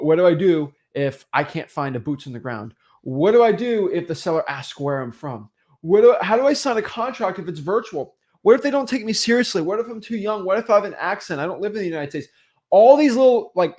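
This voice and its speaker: A man in his fifties giving a motivational real estate lesson, energetic and animated, often restarting mid-sentence. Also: on the high side, fairly quick. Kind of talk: motivational teaching monologue.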